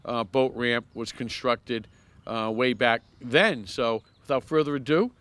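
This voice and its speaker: A man's voice: medium pitch, a little slow, a bit bright, smooth, no echo. A man hosting an outdoor dedication ceremony, casual and directing people. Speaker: ceremony host. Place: outdoors at a pond.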